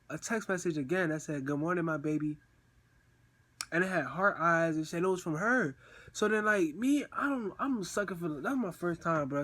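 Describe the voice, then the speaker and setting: A man's voice: on the high side, a bit bright. A young man telling a casual storytime about a breakup, full of slang and repeating himself, and acting out crying in bursts. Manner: slangy, repeats himself, says "bro" a lot. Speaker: vlogger.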